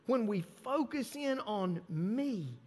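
Pastor, male, high voice, emphatic sermon delivery with repeated phrases, in a reverberant church hall. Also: expressive, slow pace, darkish tone. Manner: emphatic, repeats phrases and stresses key words. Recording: long reverb of a large hall.

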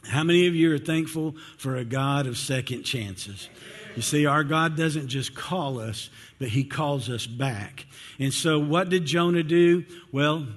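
A man, a pastor, preaching a sermon in a church in a conversational way, asking the congregation questions and stumbling over repeated words. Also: a little high. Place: church sanctuary. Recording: long hall reverb.

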